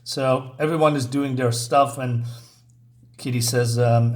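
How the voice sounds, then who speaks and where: A man's voice: mid-range voice, steady tone, a little slow. A man casually reviewing a comic book, retelling the story and reading characters' lines aloud in a chatty, playful way. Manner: chatty, reads dialogue in playful voices, giggles.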